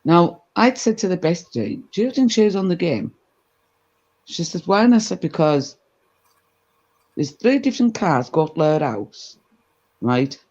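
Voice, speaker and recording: A woman telling a gossipy anecdote in a casual chat, animated and full of asides. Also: lowish voice, a little slow, long pauses. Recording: dull lo-fi recording.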